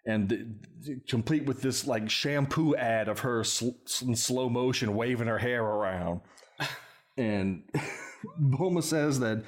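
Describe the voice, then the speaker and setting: A man's voice: mid-range voice, a little slow. A man hosting a casual podcast, giving a wry play-by-play recap of a film and often laughing at his own jokes. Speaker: podcast host.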